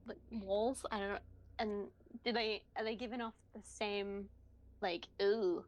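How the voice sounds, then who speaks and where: A woman's voice: mid-range voice, flat delivery, unhurried, dull audio. A woman playing a tabletop role-playing game, talking hesitantly with many fillers and giggles. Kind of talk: casual role-play chat.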